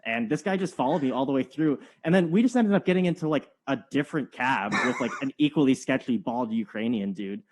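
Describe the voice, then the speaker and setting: Man in his twenties, casual podcast chat, rapid, joking, rambling. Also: medium pitch, darkish tone, slight background noise. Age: 20s. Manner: joking storyteller, rambling with many fillers. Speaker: podcast co-host.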